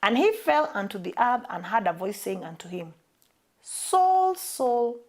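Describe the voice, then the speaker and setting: A woman's voice: mid-range voice, expressive, a little fast. A woman with a Kenyan accent preaching a sermon, emphatic and repeating her key phrases for weight.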